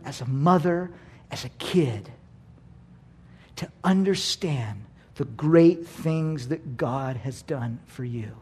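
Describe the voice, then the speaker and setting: A male pastor delivers a sermon in a notably high voice. He moves from soft, low asides to near-shouts and slips into little acted voices along the way. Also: slightly rough. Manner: animated, swings from soft to shouting, acts out voices.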